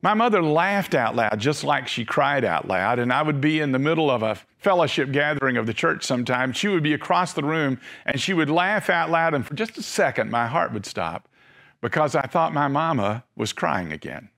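A middle-aged male preacher delivering a sermon, telling stories and slowing down and softening at emotional moments. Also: on the high side, animated, vocal fry. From Tennessee.

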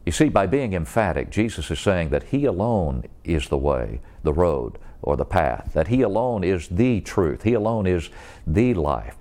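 A man preaching an evangelistic sermon, earnest and deliberate, pleading with his listeners through direct questions. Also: sits low, darkish tone.

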